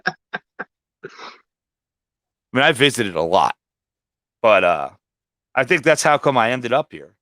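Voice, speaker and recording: A man's voice: medium pitch, very animated, slow pace, pauses often, pushed and bright, dry recording. A man who is a guest on a livestream, telling long rambling stories full of swearing in a casual way. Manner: rambling, heavily profane storytelling. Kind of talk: casual storytelling.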